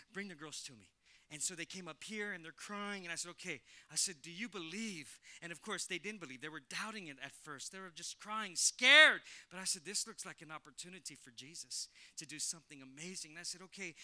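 A man preaching a sermon as pastor in a church, energetic, stammering repeats and acted-out quotes. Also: high voice, a little fast. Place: church sanctuary.

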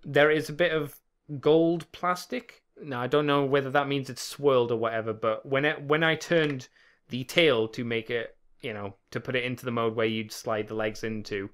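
Bright-voiced man chatting on a podcast. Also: medium pitch, steady tone, normal speed, smooth. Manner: rambling, swears casually, chuckles often. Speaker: podcast co-host. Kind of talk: casual chat.

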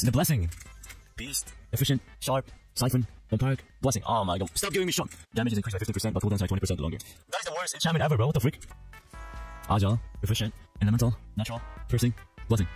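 A man's voice: mid-range voice, darkish tone. A man giving casual gameplay commentary, exasperated, repeating his complaints and calling everyone bro. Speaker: gaming YouTuber.

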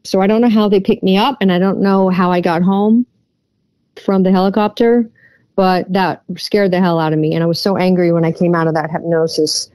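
A woman who is a guest on an interview podcast, earnestly retelling a personal experience and often pausing on fillers. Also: on the low side, fairly even intonation, darkish tone, no room sound.

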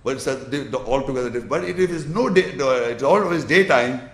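Man giving a slow, probing religious lecture. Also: mid-range voice, expressive, roomy sound. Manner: explains slowly with gestures, checks the audience's understanding. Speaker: Islamic lecturer.

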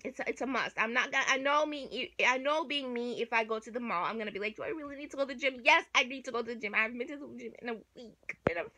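A young woman talking casually to her phone camera in a vlog, animated and swearing freely, swinging from excitement to ranting. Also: on the high side, fast, hardly any pauses, rough recording. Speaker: vlogger. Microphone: handheld phone camera.

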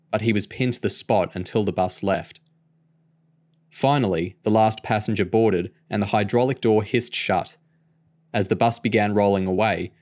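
A man narrating a novel aloud in a steady, measured storytelling voice. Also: on the low side. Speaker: audiobook reader.

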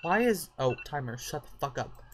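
Sassy, bright-voiced game commentator. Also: mid-range voice, sing-song, normal speed, a little hiss or hum. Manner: sassy, profane, talks to the game characters. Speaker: gameplay commentator. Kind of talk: casual let's-play commentary.

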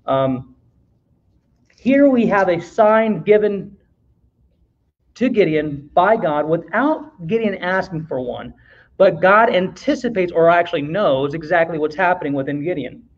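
A high-voiced man teaches a Bible lesson in a relaxed, conversational style, speaking a little slowly. He reads verses aloud, pauses to question the class and throws in an occasional joke, with dull, lo-fi sound.

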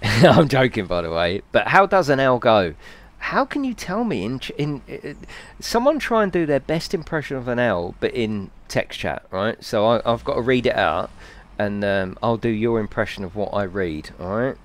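A man's voice: mid-range voice, expressive, moderate pace. A man live-streaming a video game, chatting playfully with his viewers, reading their messages aloud and laughing often.

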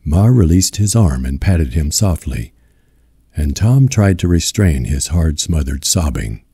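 A man with a deep voice narrating a novel as an audiobook in a slow, measured reading. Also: sing-song, mellow, breathy edge, no room sound, clean studio sound. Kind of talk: scripted narration.

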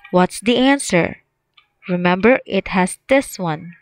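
A young woman teacher leading a phonics lesson for young children, slowly drawing out words for them to repeat. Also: lowish voice, animated, rough recording. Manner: slow drawn-out call-and-repeat drills.

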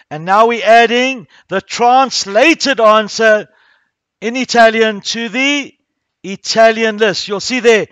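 Teacher, man, very high voice, dry close sound, walks the class through each step. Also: fairly bright tone, clear, resonant tone, no echo. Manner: talks through each click step by step, addressing pupils. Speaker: primary school coding teacher. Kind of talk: classroom coding tutorial. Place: school classroom.

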